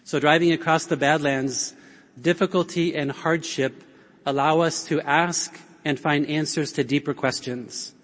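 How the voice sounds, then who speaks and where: Casting: earnest male speaker preaching to a conference crowd, slightly high voice, long hall echo. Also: steady tone, measured pace, fairly bright tone. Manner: earnest, prompts audience with "right?" and call-and-response. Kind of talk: conference talk preaching to an audience.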